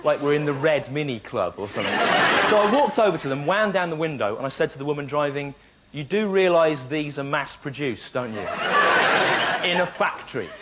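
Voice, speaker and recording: An English comedian trading sarcastic, exasperated banter with his partner. His voice sits a little high. A loud hiss covers the recording. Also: expressive, a little fast. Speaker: comedy double-act host. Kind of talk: comic banter.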